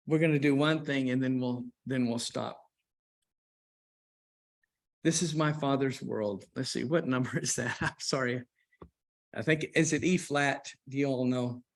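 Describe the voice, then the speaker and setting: A man preaching to a church congregation in an unhurried, conversational way, with restarts and asides to the listeners. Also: medium pitch. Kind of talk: church class talk on hymns. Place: church auditorium.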